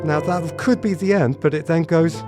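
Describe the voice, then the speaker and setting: A man teaching a piano piece in a relaxed tutorial, talking thoughtfully and often restarting his sentences. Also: on the high side, moderate pace. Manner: thoughtful, hesitant, repeats words when starting. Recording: piano playing in the background. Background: piano played between remarks.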